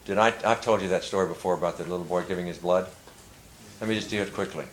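An older man preaching, telling a story earnestly and rising to loud emphasis. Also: sits low, fairly even intonation, fast, low-quality recording. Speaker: pastor. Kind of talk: sermon storytelling.

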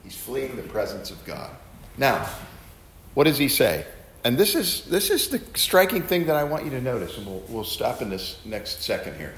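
Pitch swooping wildly around a medium base, a man teaches the Bible earnestly in sermon style at a moderate pace. His voice is a bit bright, and he leans on rhetorical questions to make his points. The room is echoey with slight background noise.

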